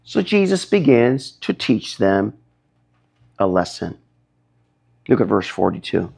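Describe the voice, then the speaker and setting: A man preaching a sermon, emphatic, his voice rising high when he gets stirred up. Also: very animated, takes it slowly, vocal fry, a little mellow, husky. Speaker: pastor.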